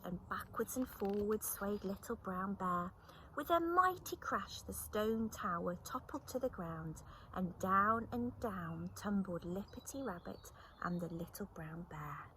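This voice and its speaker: Animated woman reading a bedtime story. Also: mid-range voice, unhurried, slight background noise, rough recording. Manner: animated, expressive, drops to whispers. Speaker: children's storyteller.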